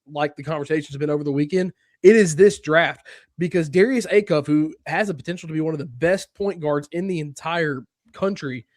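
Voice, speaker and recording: Slightly high-pitched male co-host, emphatic, reassuring, dry close sound. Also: darkish tone, dry recording. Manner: emphatic, reassuring, quick restarts. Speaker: podcast co-host. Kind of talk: casual sports podcast chat.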